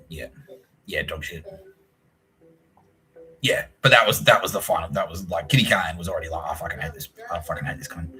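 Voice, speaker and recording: A man's voice: sits low, sharp tone, low-quality recording. A man with an Australian accent hosting a solo podcast, telling a long profane story in a rambling way and mimicking people he quotes. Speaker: podcast host.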